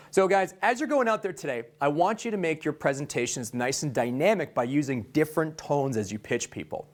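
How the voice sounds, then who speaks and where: A young adult man giving an energetic sales training talk, jumping between bright high delivery and low hushed tones. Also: brisk, hardly any pauses. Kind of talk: instructional talk to a sales team.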